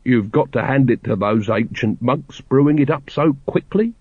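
A man voicing a gloomy, dry-witted male city watch captain who talks slowly and sardonically. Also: mid-range voice, breathy edge, no room sound, natural voice. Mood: sardonic. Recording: dry, slightly dull studio recording.

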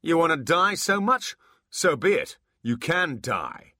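Male narrator playing a blustering demon chief, high, loud, hostile, bright. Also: very animated, a little slow, no room sound, clean studio sound, heavily acted. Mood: roaring. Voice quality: loud, raised, shouting. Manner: blustering, accusing.

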